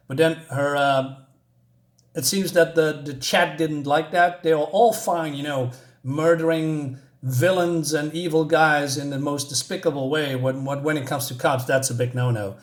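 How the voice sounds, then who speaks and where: Rambling man reading a comic aloud. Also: fairly high pitch. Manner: halting, many fillers and restarts, reads characters' lines aloud. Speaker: comic book reviewer. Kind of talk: casual comic read-through with quoted dialogue.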